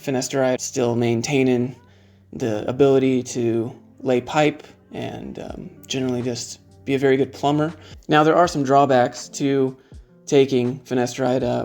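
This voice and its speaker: A man's voice: medium pitch, a little mellow. A man in his thirties talking frankly to the camera in a casual vlog, joking as he goes. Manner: frank, joking, conversational, shows items to the camera. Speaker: YouTube creator.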